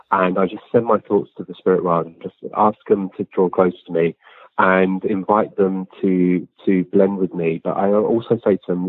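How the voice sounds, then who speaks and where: A man, an interview guest, talking plainly and earnestly with frequent ums and restarts. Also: low voice. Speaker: guest, physical medium. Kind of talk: relaxed conversational storytelling. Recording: tinny phone-line sound, dry.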